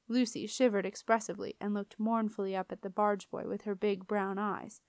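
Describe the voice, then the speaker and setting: A woman narrating a children's fantasy audiobook. Her reading is even and expressive. The recording is dry and close, with no room sound. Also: medium pitch, normal speed, few pauses, no echo. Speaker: audiobook reader. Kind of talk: storybook narration.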